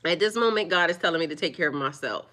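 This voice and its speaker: Woman live-streamer scolding trolls, bright voice. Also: fairly low pitch, expressive, quick pace. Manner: firmly scolding trolls, preachy. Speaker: livestreamer. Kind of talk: live-stream chat with viewers.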